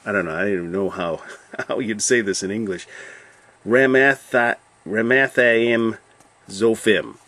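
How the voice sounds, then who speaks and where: Man, fairly low voice, informal bible commentary, rambling, thinks aloud, chatty with viewers. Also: fast talker, a bit bright, husky, no room sound. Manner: chatty, addresses viewers directly. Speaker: Bible study host.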